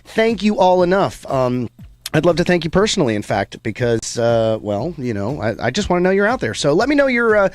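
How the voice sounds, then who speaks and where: A male radio host talks loosely and cheerfully between tracks, wandering off topic and teasing himself. His voice sits a little high for a man. The sound is close and dry, with no room in it. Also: big pitch swings, a little fast, no room sound. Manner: rambling, self-deprecating, upbeat plugging. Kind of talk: casual radio DJ chat.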